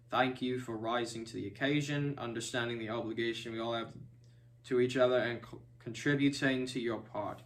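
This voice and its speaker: A man's voice: mid-range voice, fairly bright tone. A young man, an acting student, reading out a formal statement and then signing off in a self-deprecating, upbeat way. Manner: self-deprecating and upbeat when talking freely.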